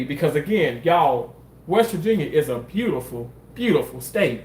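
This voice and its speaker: A man's voice: on the high side, big pitch swings, normal speed, darkish tone, echoey room, slight background noise, poor audio. A man from Mississippi, telling a personal story in a candid, rambling way and swearing freely. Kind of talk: casual storytelling monologue.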